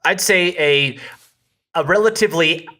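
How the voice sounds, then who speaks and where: Bright-voiced rambling male podcast host. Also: on the high side, a little slow. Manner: rambling, restarts and trails off; joking. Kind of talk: casual chat.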